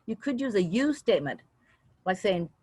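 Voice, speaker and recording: As a guest speaker, an older woman gives instruction on public speaking, purposely modulating her volume and pitch, which swings widely. No room sound comes through.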